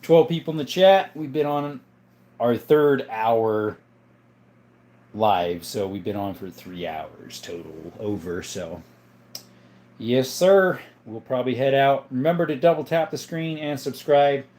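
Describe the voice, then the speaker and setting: A man's voice: mid-range voice, measured pace, darkish tone. Rambling man hosting a livestream. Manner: rambling, jokey, reads chat aloud. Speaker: livestream host. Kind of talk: casual livestream chat.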